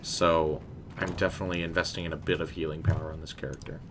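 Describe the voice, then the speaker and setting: A man's voice: rumbling low, flat delivery, fast, background noise. A man streaming a game, chatting casually and rambling as he answers his chat. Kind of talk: casual live gameplay commentary.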